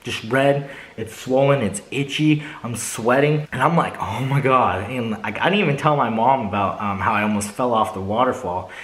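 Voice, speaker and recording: A man's voice: mid-range voice, moderate pace, reverberant, a little hiss or hum, rough recording. Slangy young man telling a story. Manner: animated, slangy, keeps saying bro and right. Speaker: vlogger. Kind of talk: casual storytime.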